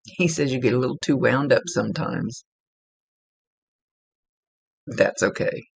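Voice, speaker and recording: Psychic medium, woman, gravelly and husky, halting delivery, dry close sound. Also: rumbling low, dry recording, rough recording. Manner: halting, searching for words. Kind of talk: giving a one-on-one reading.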